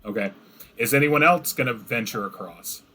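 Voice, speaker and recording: A man's voice: mid-range voice, normal speed, pushed and bright. A man running a tabletop game as game master, acting out the players' reactions with laughs.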